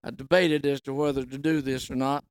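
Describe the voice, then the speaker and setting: A middle-aged man, preaching a folksy sermon and reading scripture, rising loud on quoted words. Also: mid-range voice, little pitch movement, a little fast.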